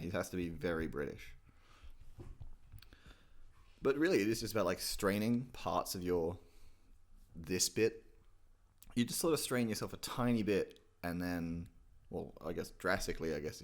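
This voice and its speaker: A man's voice: low-pitched, moderate pace. A man hosting a casual comedic impressions tutorial, rambling, self-mocking and swearing freely. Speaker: channel host teaching impressions.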